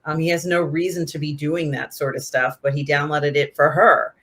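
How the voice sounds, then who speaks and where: A woman's voice: low-pitched, level tone, normal speed, a bit bright. A woman co-hosting a casual show, chatting about a TV episode and retelling scenes. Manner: chatty, retells scenes with quoted lines and laughter. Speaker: co-host reviewing a TV episode. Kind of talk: casual chat.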